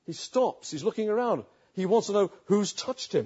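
A man preaching a sermon, retelling a story with rhetorical questions and dramatic pauses. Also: high-pitched, lively intonation, dark tone, breathy edge, muffled recording.

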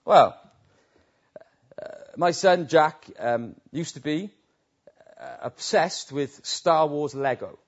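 A man preaching a sermon, telling stories that swell into loud, emphatic peaks. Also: a little high, slow, pauses often. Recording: dull lo-fi recording.

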